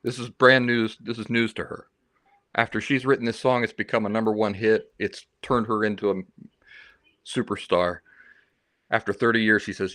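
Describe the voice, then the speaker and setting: A man's voice: on the low side, little pitch movement, normal speed, a bit bright, dry recording, clean studio sound. A man hosting a livestream, telling stories in a rambling, chatty way and reading out viewer comments. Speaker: livestream host. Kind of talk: casual livestream chat.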